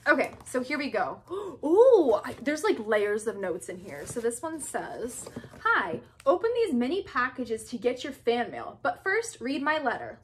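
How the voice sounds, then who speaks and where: A bubbly young woman vlogs at home, gushing over each gift she unwraps. Her voice sits high and bright, and a faint hiss runs under the recording. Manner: bubbly, gushing, quick to squeal. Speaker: YouTuber opening fan mail. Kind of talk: casual vlog chat.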